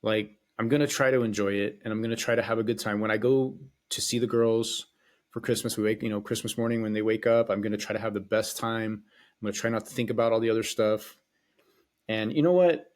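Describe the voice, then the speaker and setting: A man with a lowish voice and fairly even intonation delivers a casual solo podcast monologue at a fairly quick clip. As host he rambles, curses, and hesitates frequently.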